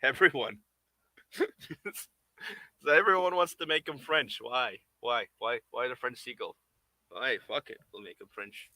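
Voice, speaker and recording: This puppet maker talks with viewers as he works, keeping the chat casual and playful and chuckling through his rambling. He has a medium-pitched, sharp-toned voice and a measured pace, captured in a dry recording.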